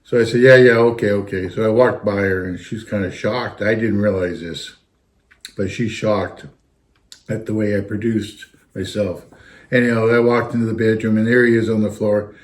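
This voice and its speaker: A man's voice: fairly low pitch, fairly even intonation, moderate pace. A man, a retired fire captain telling a rambling anecdote in casual chat. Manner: rambling, anecdotal, keeps circling back with "anyhow". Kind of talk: casual storytelling.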